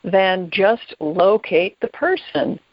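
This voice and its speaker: Female interviewer, calm and attentive, dead-dry dull recording. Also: mid-range voice, no echo. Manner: measured, attentive, asks careful questions. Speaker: interview host. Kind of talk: podcast interview.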